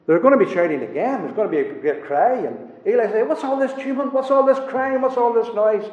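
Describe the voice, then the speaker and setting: A man preaching a sermon, swinging between loud rising declarations and hushed low asides. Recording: roomy hall echo, dull lo-fi sound.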